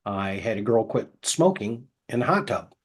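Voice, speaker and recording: A middle-aged man who works as a hypnotist, telling anecdotes casually and acting out the quoted dialogue, with a soft, slow voice for the hypnotic suggestions. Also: fairly low pitch, very animated, breathy edge. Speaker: hypnotist guest. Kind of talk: casual storytelling interview.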